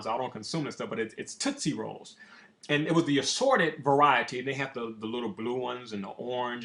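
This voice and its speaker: A man who is a motivational speaker, telling a personal story in a casual, profane, animated way. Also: mid-range voice, vocal fry. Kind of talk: storytelling monologue.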